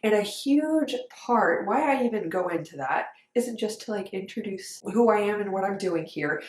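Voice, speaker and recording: A woman's voice: mid-range voice, expressive, moderate pace. A woman who coaches dancers, talking to camera in an earnest, emphatic, conversational way. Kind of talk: direct-to-camera coaching talk. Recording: echoey room.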